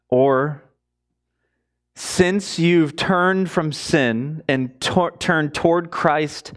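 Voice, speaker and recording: A man delivering a sermon in a high, light voice. He speaks slowly and deliberately, pushing key words up high and loud, then sinking into low, quiet asides. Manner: emphatic, swings between raised high stresses and low quiet asides. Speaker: preacher.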